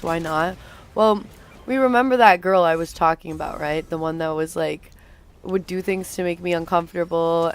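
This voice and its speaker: This young gamer's voice is fairly low and clean. She rambles through a storytime during her livestream, dropping in lots of fillers and the odd casual swear word.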